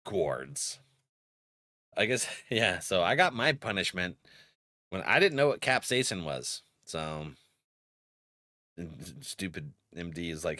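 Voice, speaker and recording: A man's voice: sits low, big pitch swings, slow, long pauses, bright, forceful tone, no room sound, studio quality. A man streaming a game and chatting casually, laughing often and acting out his friends' lines, while getting over a cold. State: has a cold. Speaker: gaming streamer.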